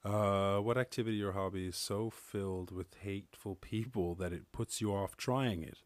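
A man's voice: on the low side, steady tone, moderate pace, dry recording. An Irish man hosting a solo podcast, telling stories in a rambling, casual way full of filler words. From Ireland. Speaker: podcast host.

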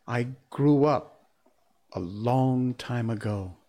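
A man voicing a gentle, guilty grown woman who speaks softly and hesitantly in a storybook reading. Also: medium pitch, slow, close to an everyday voice. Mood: sad. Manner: soft and hesitant.

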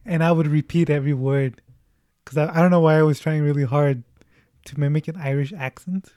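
A man's voice: fairly high pitch, fairly even intonation, dark tone, no room sound. Chatty man with a dry, close voice. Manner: chatty, laughing, halting restarts. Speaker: podcast co-host. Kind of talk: casual movie chat.

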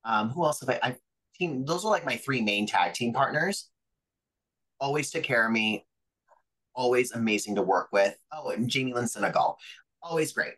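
A man's voice: medium pitch, expressive, moderate pace, a bit bright, low-quality recording. A man, a pro wrestler guest, telling stories from his career in a chatty way, full of fillers and acted-out quotes. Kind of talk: casual storytelling interview.

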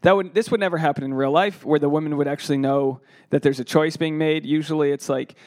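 A man's voice: on the high side, fairly even intonation, quick pace, a little mellow, dry recording, studio quality. A young adult man and comedian hosting a solo podcast, talking in a loose, profane, self-deprecating way.

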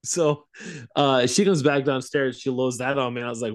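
A man's voice: medium pitch, steady tone, moderate pace, no echo, studio quality. A young man co-hosting a podcast, telling a story in a rambling way with frequent laughs. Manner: rambling, laughing storyteller who acts out quotes. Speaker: podcast co-host. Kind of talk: casual storytelling chat.

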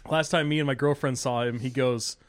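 A man's voice: medium pitch, steady tone, fairly quick. A man hosting a casual podcast, telling crude anecdotes about his family and laughing often. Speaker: podcast host.

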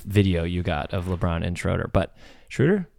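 A man's voice: deep voice, lively intonation, normal speed, vocal fry, a little mellow, no echo, studio quality. A man co-hosting a casual podcast, talking in a loose, joking way with some swearing. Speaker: podcast co-host.

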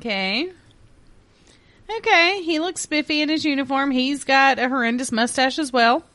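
A woman's voice: sits high, moderate pace, pushed and bright, no room sound. A woman co-hosting a casual true-crime podcast, reacting with crude jokes and quips. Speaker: podcast co-host.

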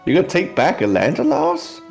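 Guy doing a gravelly old swamp mama, drawly and homespun, voice swoops up and down. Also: sits high, huge pitch swings, a little fast, soft background music, exaggerated voice. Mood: folksy. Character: folksy older swamp woman, Great Mama.

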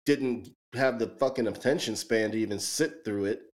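A man on a podcast gives his take bluntly, swearing freely and hammering his points home. His voice sits at an ordinary middle pitch. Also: moderate pace. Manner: blunt, profane, emphatic. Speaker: podcast co-host. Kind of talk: casual chat.

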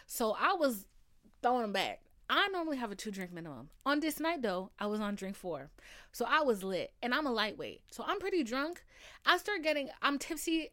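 A young woman in her twenties, a podcast host telling casual stories with lots of swearing and laughter. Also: mid-range voice. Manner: animated, swearing, laughing often. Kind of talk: casual storytelling.

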